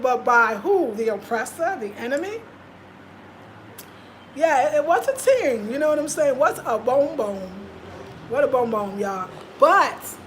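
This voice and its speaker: A woman's voice: sits high, slight background noise. A woman vlogger talking casually and passionately, repeating her points for emphasis. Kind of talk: casual live-stream talk.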